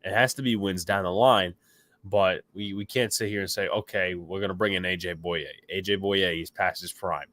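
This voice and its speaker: A man's voice: sits low, fairly even intonation, moderate pace, fairly bright tone, dry recording. A man hosting a casual sports podcast, opinionated and rambling, with a stuffy nose, reacting to chat comments. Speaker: podcast host.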